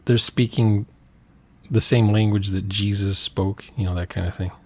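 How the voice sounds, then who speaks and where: A man's voice: on the low side, fairly even intonation, moderate pace, a little mellow. A man chatting casually about role-playing games, rambling and trailing off with fillers.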